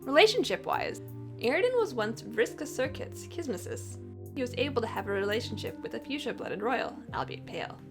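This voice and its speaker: Young woman, scripted facts narration, very lively intonation, expressive, faint music behind. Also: fairly high pitch, fairly quick. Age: young adult. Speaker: co-host of fandom facts video.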